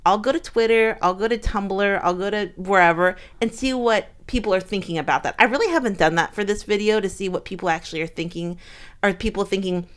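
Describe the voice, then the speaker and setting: A young woman chatting casually as a co-host, her talk full of ums, likes and restarts. She wanders from point to point at an even, middling pitch. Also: brisk. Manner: chatty, rambling, many fillers and restarts. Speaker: co-host of a fan channel. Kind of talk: casual chat.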